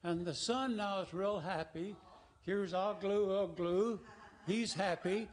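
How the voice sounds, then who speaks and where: A man's voice: sits high, takes it slowly. A man giving a folksy, joking talk to a congregation. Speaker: lay speaker at a congregation service. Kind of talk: humorous talk with slides. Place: congregation hall.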